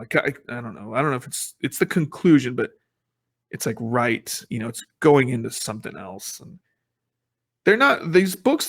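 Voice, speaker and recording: A man co-hosting a relaxed talk show about comics. He rambles, stacking fillers and false starts as he works through his thoughts. His pitch sits in an ordinary middle range. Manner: rambling, many fillers and restarts. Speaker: podcast co-host. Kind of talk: casual comic review chat.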